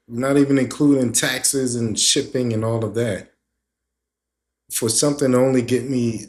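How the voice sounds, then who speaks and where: Skeptical man thinking out loud. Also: mid-range voice. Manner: skeptical, rambling, repeats words while thinking aloud. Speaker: reaction video host. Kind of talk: casual reaction commentary.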